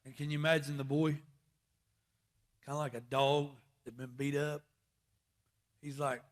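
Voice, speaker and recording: A man's voice: medium pitch, fairly even intonation, a little slow, long pauses, fairly bright tone. A man preaching a sermon in a plainspoken, folksy storytelling manner. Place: church service.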